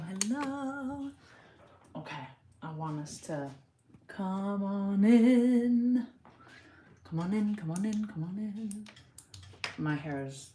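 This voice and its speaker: A woman's voice: on the low side, echoey room, slight background noise. A woman singer hosting a casual livestream, chatting in a rambling way and greeting viewers by name.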